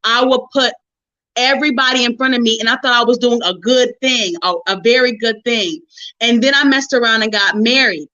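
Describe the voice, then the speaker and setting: Bright-voiced woman preaching her testimony. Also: on the high side, moderate pace, dull audio. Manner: lively, preachy, calls listeners honey and sis. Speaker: host of a relationship forum. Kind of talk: personal testimony to listeners.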